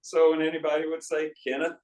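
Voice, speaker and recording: A man's voice: mid-range voice, measured pace. Older man telling stories in a roomy hall. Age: 60s. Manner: folksy anecdotal storytelling with asides. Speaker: author at a book talk. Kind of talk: storytelling talk to an audience. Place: cultural arts center auditorium. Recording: roomy hall audio from a distance.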